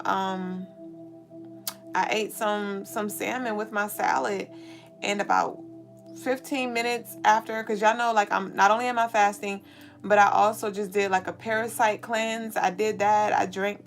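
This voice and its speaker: A woman hosting a spiritual show, talking casually and candidly to viewers, swearing freely while holding back tears. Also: medium pitch. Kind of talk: casual venting monologue to viewers.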